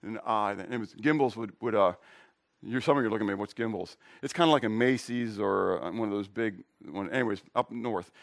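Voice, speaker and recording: A man's voice: fairly low pitch, fairly quick, gravelly. A middle-aged male pastor preaching a conversational sermon, asking the congregation questions and telling jokes and personal stories.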